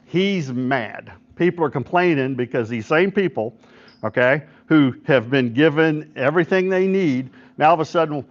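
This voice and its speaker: A man's voice: fairly high pitch, expressive, moderate pace. A middle-aged man, a pastor, gives an informal devotional talk at a men's breakfast, often checking in with listeners and retelling stories with quoted voices. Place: church hall at a men's breakfast. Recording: dull lo-fi recording.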